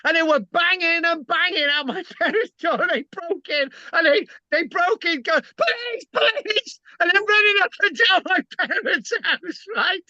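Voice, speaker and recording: A man's voice: very high-pitched, normal speed, few pauses, bright, forceful tone, no echo. A man telling stories in casual chat, rambling and stammering, tagging lines with "right?". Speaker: channel host. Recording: dull lo-fi sound.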